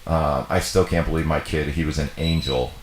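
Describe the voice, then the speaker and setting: A man's voice: rumbling low, steady tone, fairly quick, slight background noise. A young man co-hosting a livestream, chatting casually in a rambling way full of fillers and swearing. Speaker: livestream co-host. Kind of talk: casual chat. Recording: echoey room.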